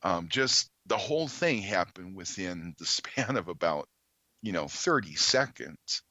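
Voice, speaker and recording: A man, a podcast guest, earnestly telling a story in conversation, halting with many ums and restarts. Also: low voice, lively intonation, pushed and bright, dry recording, dull audio.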